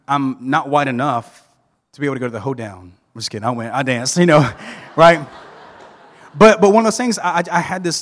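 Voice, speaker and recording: A man preaching a sermon as a pastor, animated and joking, with many restarts. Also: medium pitch, long reverb tail. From Southern United States. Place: church sanctuary.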